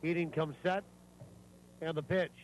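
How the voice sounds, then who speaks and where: A male play-by-play announcer with a slightly raised voice calls a baseball game pitch by pitch. He stays steady and matter-of-fact. Clear outdoor ballpark noise hums behind him from a booth at the park. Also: measured pace. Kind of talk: live baseball commentary. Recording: noisy ballpark ambience.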